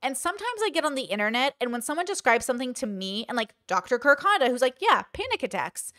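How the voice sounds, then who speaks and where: Woman host rambling through a personal story, fairly high voice, dry close sound, acts out the quotes. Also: fast, dry recording. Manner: candid, animated storytelling with acted-out quotes. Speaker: commentary channel host. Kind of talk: casual commentary monologue.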